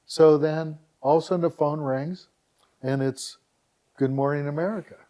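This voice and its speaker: A man's voice: on the high side, moderate pace. A middle-aged man from Northeast Ohio, a podcast guest in a casual interview, telling a story with animation and acting out what other people said. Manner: animated anecdote teller who acts out dialogue and keeps repeating "all of a sudden". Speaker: podcast guest, website founder.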